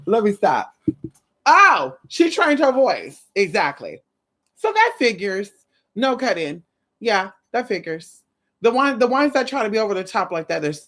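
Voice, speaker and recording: A woman with a slight lisp giving sassy, casual reaction commentary, talking straight to the viewer. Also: lowish voice. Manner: sassy, animated, drawls "girl". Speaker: commentary host.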